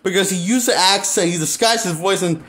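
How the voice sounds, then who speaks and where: A man giving an unscripted movie review, rambling and halting, with many fillers and restarts. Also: high-pitched, a bit bright. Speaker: movie critic.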